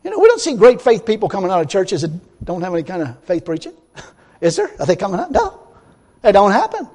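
A man preaching a sermon as pastor, folksy and blunt, dropping to quiet asides and then bursting out loud. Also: sits high, wildly swooping pitch, brisk. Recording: long hall reverb.

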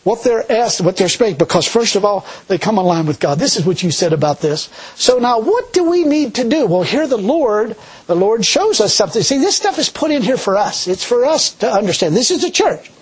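Animated folksy male preacher, husky voice. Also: high-pitched, fairly quick, rough recording. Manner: folksy, animated, laughing often. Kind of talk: sermon.

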